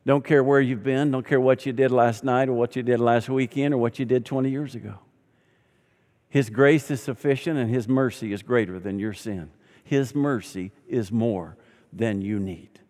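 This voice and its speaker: A pastor preaches to his congregation in an animated storytelling style, acting out the voices of the people in the story. His voice sits in a middle register for a man. Long reverb from a large sanctuary trails behind every phrase. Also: medium pitch. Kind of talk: sermon.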